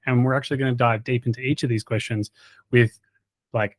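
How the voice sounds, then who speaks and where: A man in an easygoing host voice works through a long list of thanks, cracking small jokes between names and tripping over spellings. His pitch sits in a middle range, and the sound is dry and close with no room echo. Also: steady tone, a little fast. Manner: jokey, stumbles over hard names with quips. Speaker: health coach and channel host. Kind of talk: casual chat, reading out subscriber thanks.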